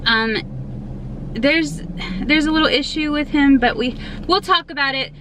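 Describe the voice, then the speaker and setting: A woman's voice: high voice, unhurried, noisy background. A young woman and mother talking casually to her viewers in a family vlog, chatty and full of loose asides. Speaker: vlogger and mother.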